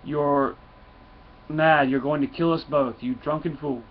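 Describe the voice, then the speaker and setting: Drunken party dragon, read by a man, loud boasting, slightly higher pitch, muffled lo-fi audio. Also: steady tone, measured pace. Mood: wild. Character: drunken boisterous male dragon, rowdy. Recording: dull lo-fi with faint noise.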